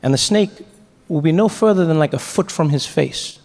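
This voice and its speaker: A man doing stand-up storytelling, animated, often breaking off and restarting. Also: normal speed, in a large hall. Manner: animated, many self-interruptions, jumps into high voices. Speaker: stand-up comedian.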